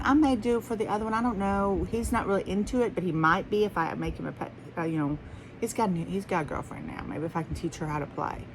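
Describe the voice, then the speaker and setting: A woman's voice: medium pitch, a bit bright, slight background noise, poor audio. Rambling Southern woman chatting to viewers. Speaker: haul vlogger. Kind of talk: casual chat to viewers.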